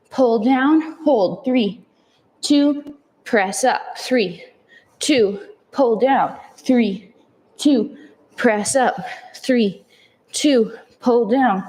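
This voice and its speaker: A woman's voice: on the high side, mellow, low-quality recording. Upbeat woman counting push-up reps. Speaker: fitness instructor. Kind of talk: follow-along workout cueing.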